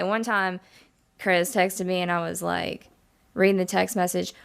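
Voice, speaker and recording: A woman's voice: fairly low pitch, level tone, unhurried, gravelly, smooth. A woman co-hosting a podcast in casual chat, telling stories in a wry, matter-of-fact way. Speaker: podcast co-host.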